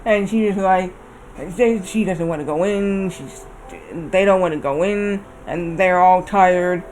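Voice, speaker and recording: High-voiced man rambling on stream. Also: a little slow, darkish tone, slight background noise, low-quality recording. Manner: rambling storyteller, repeats himself. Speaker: game streamer. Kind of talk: casual chat while gaming.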